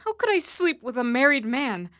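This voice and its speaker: Give me a woman playing a harassed young woman, emotional and a bit high, dry. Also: very animated, a bit bright, no echo. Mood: anguished. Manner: halting, emotional confessional lines. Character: young woman harassed at work after an assault. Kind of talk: spoken word drama.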